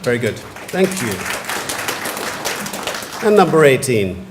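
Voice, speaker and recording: A man, pronouncing words clearly and giving short definitions at a spelling competition. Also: medium pitch, sing-song, a faint crowd, slight background noise. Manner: measured, repeats each word clearly and gives brief definitions. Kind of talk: formal word pronouncing at a competition. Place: large museum hall.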